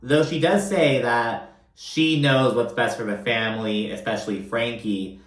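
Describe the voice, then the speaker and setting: Man, casual recap commentary, profane and rambling, mid-pitched voice, echoey room. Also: a little slow. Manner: chatty, profane, filler-heavy. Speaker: reality TV recap host. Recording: roomy echo.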